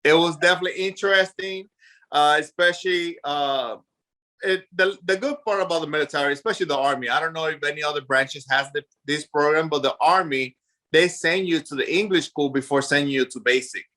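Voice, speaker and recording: A man in his forties from Puerto Rico with a Puerto Rican Spanish accent, a native Spanish speaker telling his story as a podcast guest in a lively, animated way with lots of fillers. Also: fairly high pitch, brisk. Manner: animated, acts out past voices, many fillers. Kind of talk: casual storytelling interview.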